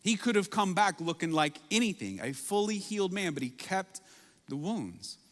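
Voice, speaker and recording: A man's voice: high-pitched, sing-song, normal speed. Man preaching in a reverberant hall. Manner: dramatic shifts between soft intimate lines and loud bursts. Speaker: pastor. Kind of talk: sermon.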